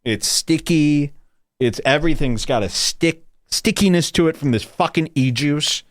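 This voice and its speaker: A man hosting a podcast, ranting crudely and mockingly, now and then jumping into high put-on voices. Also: measured pace, no echo, studio quality. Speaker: podcast host. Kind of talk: crude comedic podcast rant.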